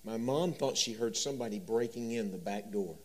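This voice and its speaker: A man preaching a sermon, telling stories and swinging from loud emphasis to soft, quiet delivery. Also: on the low side, a little fast. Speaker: pastor.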